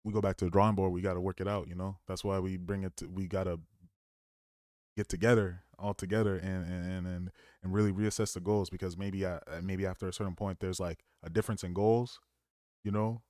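A man with a fairly low voice talks in casual banter, defensive and rambling, restarting his sentences often. His voice sounds dry and close, with no room echo. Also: little pitch movement, a little fast, darkish tone. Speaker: streamer and podcast co-host.

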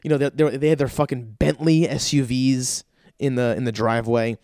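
A man's voice: medium pitch, steady tone, moderate pace, darkish tone, no echo, studio quality. A man in his thirties doing a profane, rambling comedic rant and jumping into other people's voices. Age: 30s. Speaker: stand-up comedian.

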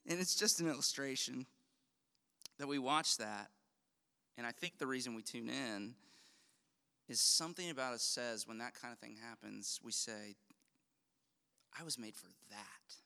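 A middle-aged man preaching a sermon as a pastor, conversational and animated, often restarting his phrases. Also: medium pitch, clear, resonant tone. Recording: long hall reverb.

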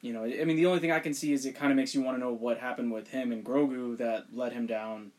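Male guest, quick talker, hesitant, lots of restarts, casual chat. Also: mid-range voice, steady tone, darkish tone.

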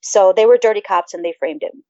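A woman co-hosting a podcast in casual chat, profane and animated as she rambles. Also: medium pitch, fairly quick, no echo. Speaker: podcast co-host. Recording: dull lo-fi sound.

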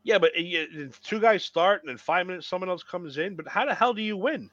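A man's voice: sits high, expressive, brisk, a bit bright, no echo. A man co-hosting a podcast, chatting casually and rambling about old wrestling matches, swearing freely. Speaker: podcast co-host. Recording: dull lo-fi sound.

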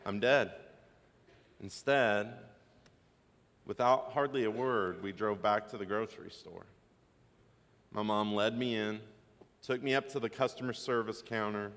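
A man's voice: lowish voice, fairly bright tone, in a large hall. A man pastor preaching a sermon, telling stories with joking asides. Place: church sanctuary.

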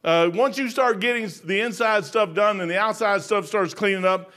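A man's voice: high-pitched, normal speed, fairly bright tone. A man in his sixties preaching a sermon in an emphatic, folksy, repetitive way. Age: 60s. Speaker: pastor.

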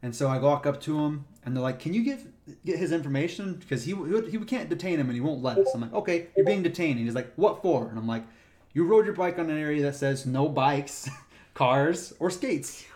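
A man's voice: fairly high pitch, a little fast, slight background noise. A man who works as a park ranger, casually telling stories from the job and acting out the people in them. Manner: animated retelling, acts out the people in his stories. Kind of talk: casual storytelling chat.

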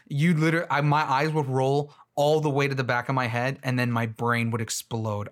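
A young man giving casual, rambling trailer-reaction commentary, full of fillers and quick to laugh. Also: medium pitch, little pitch movement. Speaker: movie commentator.

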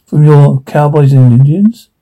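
A man's voice: a little high, unhurried, phone-quality sound. A man reading as a fussy old time traveller. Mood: lecturing. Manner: fussy, condescending, technical. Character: elderly eccentric male time traveller, fussy, lecturing.

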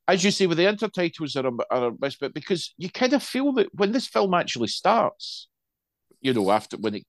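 A man's voice: fairly high pitch, very animated, a little fast, dry recording. A middle-aged man co-hosting a podcast, reviewing a film in casual chat, rambling and wry, with frequent restarts.

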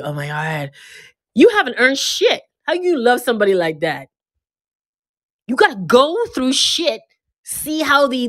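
A woman giving an emphatic, preachy motivational monologue, casual and peppered with swearing. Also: fairly high pitch.

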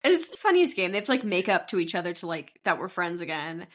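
Lively, animated woman recapping a show. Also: fast talker. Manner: animated, laughing, acts out quotes in a high voice. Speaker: podcast co-host. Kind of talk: casual recap chat.

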